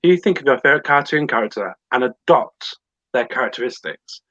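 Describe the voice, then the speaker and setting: Bright-toned man, animated podcast guest. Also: mid-range voice, brisk, dry recording, highs cut off. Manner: animated, mimics voices while explaining. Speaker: guest entertainer. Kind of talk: casual podcast chat.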